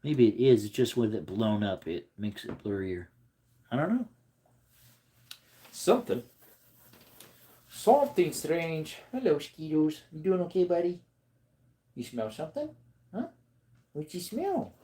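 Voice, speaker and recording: A man chatting casually on a livestream, rambling to his viewers and breaking into high baby talk with his dog. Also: very animated, a little slow, long pauses, dark tone.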